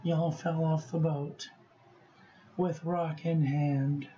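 Slow, high-voiced man reviewing inks. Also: lo-fi sound, slight background noise. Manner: expressive, profane, talks to himself while testing inks. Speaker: stationery vlogger reviewing inks. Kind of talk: casual unboxing vlog.

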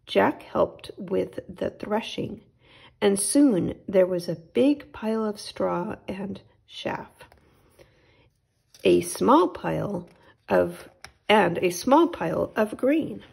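Slow, gravelly woman reading a storybook. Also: mid-range voice, expressive. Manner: gentle, unhurried storytelling. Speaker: storytime host. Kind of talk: children's read-aloud.

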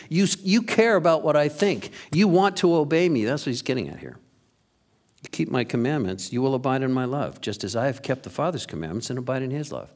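A male pastor in a mid-range voice preaches a sermon, reading scripture slowly and with emphasis. He then breaks into lively asides to the congregation.

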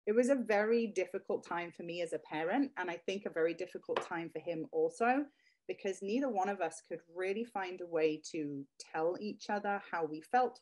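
A woman's voice: fairly low pitch, a little mellow. A woman in her thirties, a guest speaking heartfelt and close to tears about her children. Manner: heartfelt, near tears at times. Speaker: guest, product creator. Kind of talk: emotional interview.

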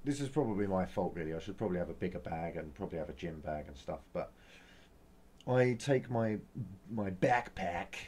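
A young man rambling through a casual vlog in a low, mellow voice. He grumbles and complains, tripping over restarts and fillers and swearing now and then. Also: lively intonation, a little fast, husky. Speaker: vlogger.

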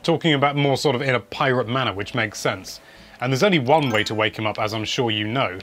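A game video presenter chats over his gameplay with casual, wry commentary, humming as he plays. His voice is medium-pitched, fast and a bit bright, with soft music in the background.

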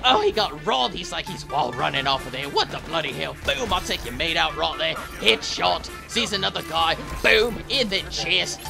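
A man hosting a gameplay clip countdown over a headset mic, giving hyped commentary and shouting at each kill. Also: high-pitched, vocal fry. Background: music.

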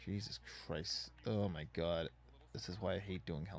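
A man's voice: deep voice, fairly even intonation, moderate pace. A man casually commenting on a wrestling video game as he plays, rambling and swearing in frustration at it. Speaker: gaming YouTuber.

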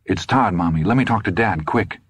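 A man's voice: low-pitched, a little fast, slightly rough, dry recording, clean studio sound. A man voicing a panicked, frantic teenage boy in an audiobook. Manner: frantic, strained.

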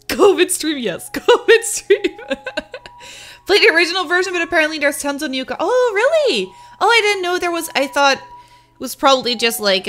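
High bright woman. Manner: chatty, giggly, reads chat aloud. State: sick with covid. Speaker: streamer. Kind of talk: casual live-stream chat.

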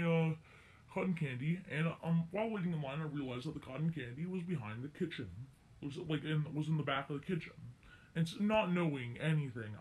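Teen boy, slightly high voice, casual story-time vlog, rambling, keeps correcting himself. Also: a bit bright. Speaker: vlogger.

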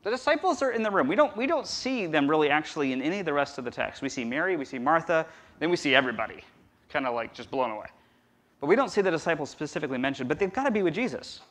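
A man preaching a conversational sermon as pastor, swinging from loud emphasis to a near-whisper. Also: fairly high pitch, sing-song, very fast. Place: church.

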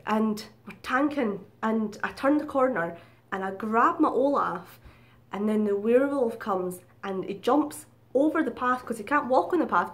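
A woman telling a story in a casual vlog, chatty, swearing freely and giggling at herself. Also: a little high. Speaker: vlogger.

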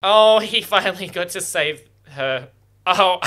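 A man reacting out loud on a first watch, with a bright, forceful, slightly high voice. He talks straight at the screen, excitable, and curses freely. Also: drawn-out words. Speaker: reaction video host.

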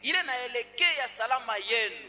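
A man's voice: extremely high pitch, expressive, brisk, bright, forceful tone. A man interpreting a sermon phrase by phrase, echoing each line with emphasis and often half-singing it. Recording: echoey church hall with faint music.

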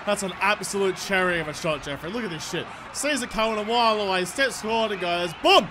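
A young man giving excitable, swearing commentary over a cricket video game he is playing. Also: high voice, brisk, crowd noise. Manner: excitable, swears freely, talks to his player. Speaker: gaming YouTuber. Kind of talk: gameplay commentary.

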